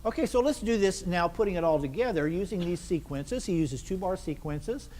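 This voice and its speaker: A man's voice: sits high, lively intonation, brisk, dark tone. Man conducting a band rehearsal. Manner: asks questions and answers them; counts the ensemble in. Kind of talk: rehearsal instruction. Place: rehearsal hall. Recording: long hall reverb, faint noise.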